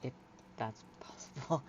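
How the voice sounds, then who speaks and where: A woman's voice: moderate pace, natural voice. A woman voicing an awkward, shy young woman with a tail who stammers nervously, on a slightly muffled recording with faint hiss.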